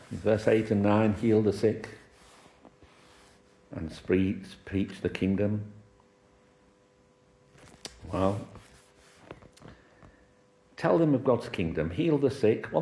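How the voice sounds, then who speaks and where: Middle-aged male preacher from Wales, low voice, chatty anecdotal sermon, echoey church. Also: dark tone. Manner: conversational, anecdotal with chuckles and acted quotes. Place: church hall.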